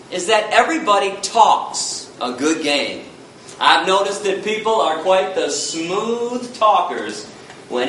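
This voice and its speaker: A man's voice: high voice, bright, forceful tone, a little hiss or hum. A man from the United States giving a passionate public lecture, blunt, fiery and confrontational, heard from far off in an echoey hall.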